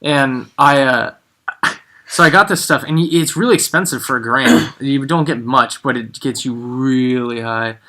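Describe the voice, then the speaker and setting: A man's voice: mid-range voice, normal speed, sharp tone. A man co-hosting a casual podcast with friends, telling a story in a rambling way with many fillers. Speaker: podcast co-host. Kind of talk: casual chat among friends.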